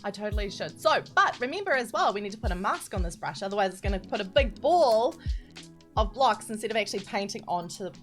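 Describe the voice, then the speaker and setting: A young woman talks her live stream through a building tutorial at a middling pitch. She is chatty and giggly, stopping to read out messages from her viewers. Clear music plays behind her voice. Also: animated, fast, a bit bright. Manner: chatty, giggly, reads chat aloud.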